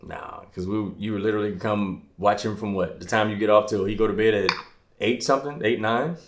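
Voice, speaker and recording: Low-voiced man chatting in an echoey room. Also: fairly quick, slight background noise. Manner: relaxed, heavy use of "like", teasing. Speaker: podcast co-host, husband. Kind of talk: casual chat.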